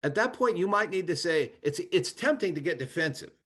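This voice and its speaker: A man's voice: sits high, expressive, fairly quick, a bit bright, slightly rough. A man, a former congressman, speaking in an online training talk, giving earnest advice with frequent restarts.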